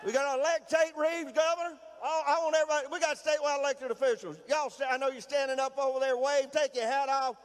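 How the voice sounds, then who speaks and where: A middle-aged man with a Southern Mississippi accent, giving a folksy, rousing political rally speech as a governor and often shouting to the crowd. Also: very high voice, steady tone, fast talker, hardly any pauses. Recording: reverberant hall, faint noise.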